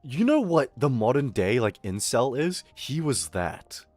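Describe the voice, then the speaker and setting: A man's voice: mid-range voice, very animated, measured pace, a little mellow, no room sound. A man streaming live and telling a story in a rambling, profane way, full of fillers. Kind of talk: casual storytelling on a livestream.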